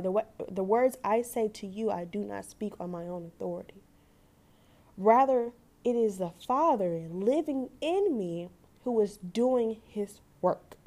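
A woman's voice: mid-range voice, warm tone. A young woman hosting a faith podcast. She reads scripture aloud and talks about it in an earnest, emotional way, often stopping to correct herself. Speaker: podcast host. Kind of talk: casual devotional talk.

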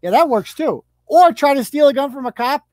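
A woman's voice: high-pitched, lively intonation, fairly quick, a little mellow, no room sound. A woman hosting a live show, delivering a sarcastic, profane, mocking rant. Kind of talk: profane ranting commentary.

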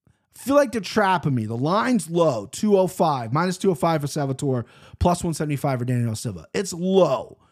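A man's voice: a little high, very animated, moderate pace, a little mellow. A man hosting a podcast and giving his fight betting picks in casual, blunt chat that is full of swearing and tangents. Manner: blunt, profane, rambling. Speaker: podcast host picking fight bets.

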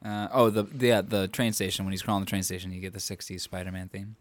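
A man's voice: deep voice, little pitch movement, no room sound. Joking male podcast co-host, dry mic. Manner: joking, quick to quote and laugh. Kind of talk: casual movie podcast chat.

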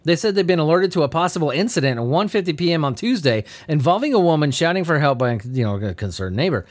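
A male podcast host riffing on strange news stories, slightly high for a man and very lively in pitch. He swears a lot and keeps breaking into laughter, sounding sleepy and giddy. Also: fast. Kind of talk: casual comedic news commentary.

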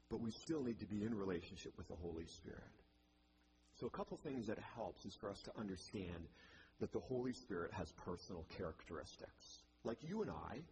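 A man's voice: medium pitch, noisy background. A male pastor giving a sermon in a church, with a conversational manner and wry asides.

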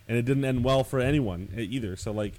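A man's voice: medium pitch, brisk, darkish tone. A man co-hosting a podcast in casual chat, rambling with many fillers and restarts. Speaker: podcast co-host.

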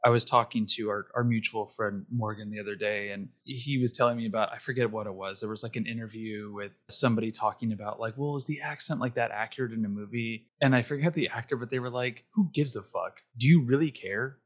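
A man's voice: on the low side, fairly even intonation, quick pace, few pauses, a bit bright. A man talking casually about films on a podcast, loose and profane, often laughing. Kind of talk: casual film chat.

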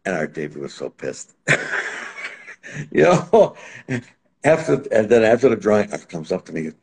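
A man as an interview guest, telling stories in a casual, animated way. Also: on the low side, normal speed, vocal fry. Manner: animated, acts out quotes in other voices. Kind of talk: casual anecdotal storytelling.

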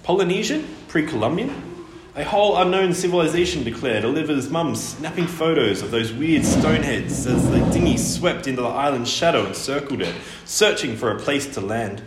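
A man reading a children's storybook aloud, expressive and lively with his delivery. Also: mid-range voice, moderate pace. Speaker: audiobook reader. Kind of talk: storybook narration. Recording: roomy echo, faint noise.

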